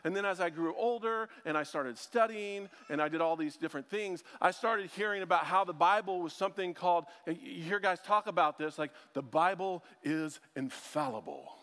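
A man with a fairly high voice preaching to a church, talking casually and breaking in with jokes at his own expense. His voice rings out with a long reverb off the big sanctuary walls. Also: brisk, hardly any pauses, a bit bright, clean tone. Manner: joking, chatty, self-deprecating asides. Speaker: preacher and ministry school teacher. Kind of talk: casual conversational sermon.

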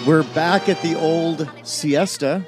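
A man's voice: on the high side, steady tone, slow, music in the background. A man from the American Midwest co-hosting a podcast, rambling through self-deprecating stories in casual chat. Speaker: podcast co-host. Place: home studio.

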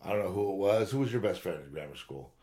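A man's voice: low-pitched, animated, fast, mellow. Profane, rambling older-sounding man. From Southern California. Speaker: podcast co-host. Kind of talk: casual chat.

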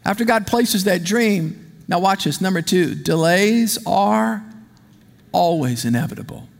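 A man preaching a sermon, lively and animated, leading the congregation in call-and-response. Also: high-pitched, unhurried, vocal fry. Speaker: pastor. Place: church sanctuary. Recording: long hall reverb.

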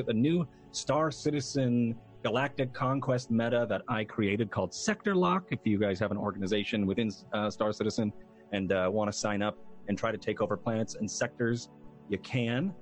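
A man streamer signing off from a show in casual chat, rambling and halting, with many fillers. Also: mid-range voice. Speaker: streamer, tabletop game player.

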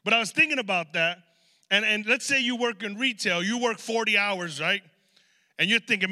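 Male preacher, high and very bright voice, animated conversational sermon, long hall reverb. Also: moderate pace. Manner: conversational, animated storytelling with asides. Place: large hall.

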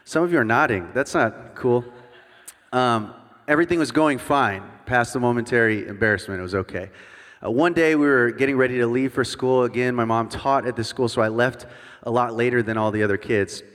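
A man's voice: mid-range voice, brisk, fairly bright tone. A man in his thirties, a guest worship pastor, preaches a sermon with humorous, self-deprecating storytelling and jokey asides to the congregation. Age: 30s. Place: church sanctuary before a congregation. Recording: long reverb of a large hall.

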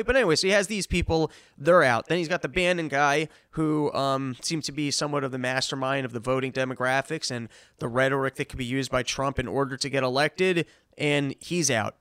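A man's voice: mid-range voice, brisk, a bit bright, clear, resonant tone, dry recording, clean studio sound. A man hosting a podcast, riffing sarcastically on the news in a rambling, profane way. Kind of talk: comedic news commentary.

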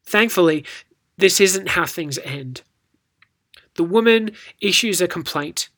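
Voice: medium pitch, animated, slow, fairly bright tone. A speaker gives a scripted Bible devotional, telling the story with rhetorical questions and reading scripture with acted inflection. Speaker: Bible teacher.

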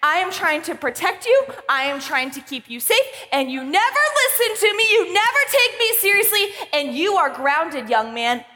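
A woman's voice: high-pitched, expressive, moderate pace, few pauses, sharp tone, pitched below the performer's own voice. A woman playing an overbearing, scolding mom. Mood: indignant scolding. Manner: scolding, indignant, comically dramatic. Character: overbearing, self-satisfied middle-aged mom. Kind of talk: comedic church skit. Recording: long hall reverb.

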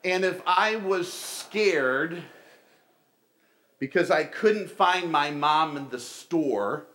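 A man's voice: a little high, drawn-out words, fairly bright tone. A middle-aged man giving a conversational sermon, telling stories and calling his listeners folks. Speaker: pastor.

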